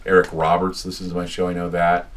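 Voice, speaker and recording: Low-voiced male radio host, chatty and rambling, recorded live from a distance in a small shop. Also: monotone, fast talker. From United States. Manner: rambling, chatty storyteller with many restarts. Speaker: radio host giving a talk. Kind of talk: casual public talk with anecdotes. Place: small bookstore, indoors.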